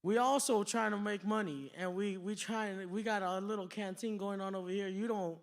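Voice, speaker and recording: A man's voice: high voice, steady tone. A man voicing an awkward school canteen staffer who stammers, in a stand-up bit. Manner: halting, repeats words.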